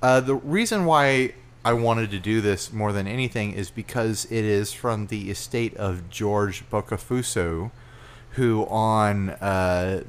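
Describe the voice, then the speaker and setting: Laid-back young man co-hosting a podcast. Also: fairly low pitch. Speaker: podcast co-host. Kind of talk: casual chat.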